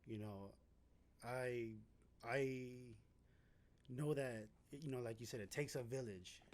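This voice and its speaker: A man in his thirties with a mid-pitched voice speaks earnestly and reflectively. He talks in a measured way, pausing to find his words. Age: 30s. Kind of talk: heartfelt reflective talk.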